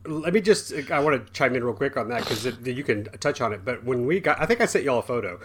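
Man laughing through an excited story. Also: medium pitch, quick pace. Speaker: podcast co-host. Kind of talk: casual chat.

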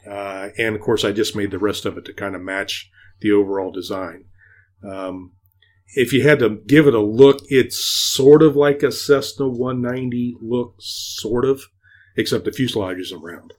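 A man's voice: fairly low pitch, moderate pace. A man as a podcast guest, explaining his model kit design with many fillers. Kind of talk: casual interview.

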